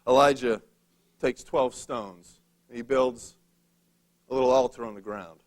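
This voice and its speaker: A man's voice: mid-range voice, steady tone, unhurried. A male preacher retelling a Bible story in a casual, conversational sermon, with a humorous touch.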